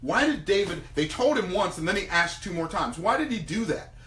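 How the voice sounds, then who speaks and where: A man delivers a sermon, restating old scripture in plain, lively everyday words. His voice sits high and bright, with a forceful edge. The room adds a noticeable echo, and he sounds a little distant from the microphone. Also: a little fast. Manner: animated, retells scripture in casual everyday talk. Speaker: preacher teaching on business and faith.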